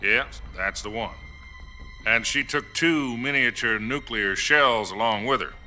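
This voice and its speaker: An actor playing a calm American president speaking in a measured, diplomatic way over game cutscene music. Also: male voice, medium pitch. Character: calm male American president on a hotline call.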